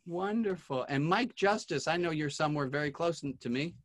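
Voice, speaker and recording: A man's voice: on the high side, lively intonation, a little fast. A man hosting an online class, calling on each guest by name in a friendly, casual way over a video call. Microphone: computer mic on a video call.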